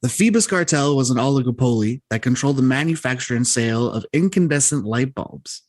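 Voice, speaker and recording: Male podcast co-host, mid-pitched, dry sound, reads a prepared segment with the odd stumble. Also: expressive, a little fast, no room sound. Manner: reads researched notes with stumbles on hard words. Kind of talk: casual chat and read-out explainer.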